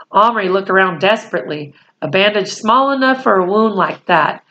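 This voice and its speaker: A woman's voice: mid-range voice, normal speed, hardly any pauses, fairly bright tone, muffled recording. A woman reading a children's novel aloud, who corrects small slips and stops to explain words. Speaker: storyteller.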